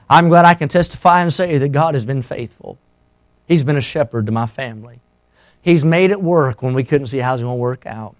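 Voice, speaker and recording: A middle-aged man preaching a sermon as a pastor, impassioned and swinging between loud and hushed. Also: medium pitch.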